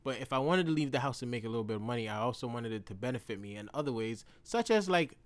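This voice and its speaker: A man telling a podcast story in a casual, slangy monologue, with a lively pitch that jumps up and down. He swears freely and moves from loud bursts to low mumbles. The recording is close and dry, with no room sound. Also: quick pace, dry recording. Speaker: podcast host.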